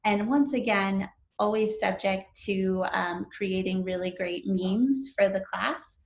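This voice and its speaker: A woman's voice: mid-range voice, steady tone, slow pace, creaky, hardly any pauses. Casual young woman lecturing, echoey room. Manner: casual, lots of fillers like um and like. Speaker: instructor. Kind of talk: recorded online lecture.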